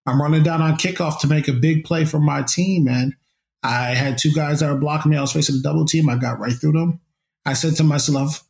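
Young guy, ex football player, gravelly voice, upbeat storytelling in an interview. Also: fairly high pitch, steady tone, a little fast, a little mellow. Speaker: guest, former college football player.

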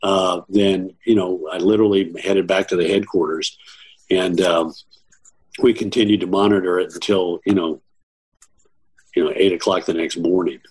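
A man's voice: sits low, steady tone, moderate pace, darkish tone, breathy edge, rough recording. A man in an interview, a former campaign staffer, recalling election night in a rambling way. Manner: rambling, with restarts. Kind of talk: interview recollection.

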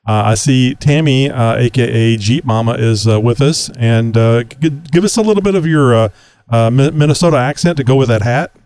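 A man's voice: mid-range voice, fairly quick, darkish tone, smooth, no echo, rough recording. A man hosting a podcast, chatting casually and easygoing, with lots of "uh" fillers. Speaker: host.

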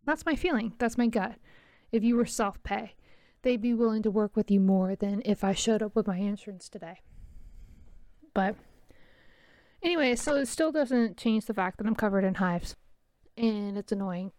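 A woman's voice: medium pitch, normal speed, pauses often, darkish tone, dry recording. Weary exasperated woman venting. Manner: exasperated, venting with wry self-mocking laughs. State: tired and itchy. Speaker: mother talking to camera. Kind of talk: casual rambling monologue.

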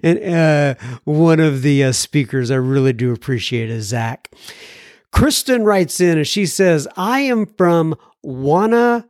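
A man's voice: on the high side, animated, measured pace, darkish tone, no echo, clean studio sound. A man hosting a recovery podcast, reading listener mail with folksy asides, little jokes and frequent ums and self-corrections. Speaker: podcast host.

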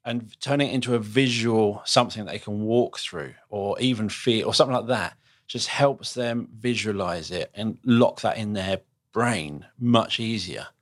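A man hosting a podcast, reflecting aloud in conversation and often restarting his sentences. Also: fairly low pitch. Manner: thinks aloud with quick restarts and rephrasing. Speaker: podcast host.

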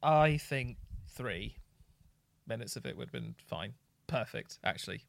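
A man's voice: mid-range voice, animated, unhurried, vocal fry, dry recording. Podcast co-host, man, blunt and scathing, dry close mic. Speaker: podcast co-host reviewing albums. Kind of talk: casual chat.

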